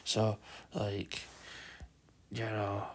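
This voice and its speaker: A man voicing a crude male monster that stalks the player, taunting in a low, quiet, profane mutter. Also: monotone, very slow. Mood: mocking.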